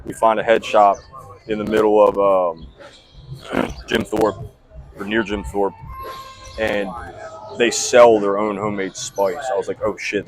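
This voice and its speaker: A man's voice: on the low side, rough recording. A young man telling a rambling, profane story in casual podcast chat. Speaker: podcast host.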